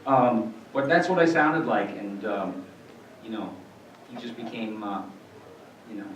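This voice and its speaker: A man's voice: lowish voice, unhurried, noisy background. Rambling man in his sixties at a panel. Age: 60s. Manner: rambling, animated storytelling. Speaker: voice actor panel guest. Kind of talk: convention panel Q&A. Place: convention panel room. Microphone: filmed from the audience. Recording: distant, roomy, muffled hall recording.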